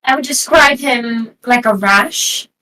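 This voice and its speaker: A woman's voice: on the high side, slow, pushed and bright, low-quality recording. A woman player in a tabletop game, speaking in casual role-play banter with a dry, sarcastic manner.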